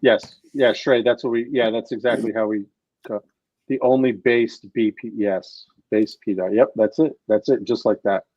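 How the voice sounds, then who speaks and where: A man hosting a casual crypto livestream, excitable and swearing freely as he talks to viewers. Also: lowish voice, moderate pace, no echo, lo-fi sound. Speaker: livestream host.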